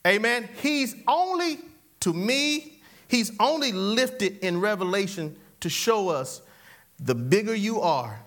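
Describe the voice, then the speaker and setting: Very high-voiced man preaching a sermon. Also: slow. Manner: animated, repetitive call-and-response, laughs often.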